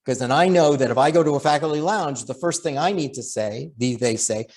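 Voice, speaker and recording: A man's voice: medium pitch, a little fast, hardly any pauses, a little mellow. A middle-aged man giving an impassioned talk, full of rhetorical questions and repeated phrases. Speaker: writer and law professor giving a talk. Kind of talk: impassioned lecture.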